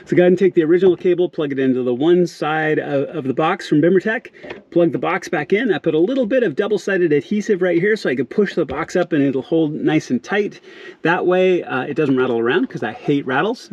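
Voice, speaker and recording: A man's voice: fairly high pitch, a little mellow, lo-fi sound. A man hosting a casual, upbeat how-to video on car work, recorded from inside a car's back seat. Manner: upbeat, friendly, says "y'all" often. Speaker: car DIY video host.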